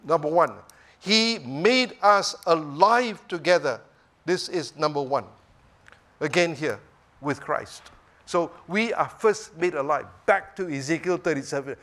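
A male preacher delivers a sermon in a high voice. He speaks slowly and emphatically. He keeps pausing to check that his listeners are following. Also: fairly bright tone.

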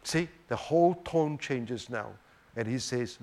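A man teaching a sermon on the Psalms, swinging between emphatic rhetorical questions and hushed, quiet moments. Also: medium pitch, unhurried. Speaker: preacher.

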